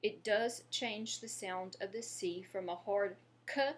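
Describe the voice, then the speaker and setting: A woman giving an online French lesson, patiently modeling words and pausing for the listener to repeat them. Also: medium pitch. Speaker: French teacher.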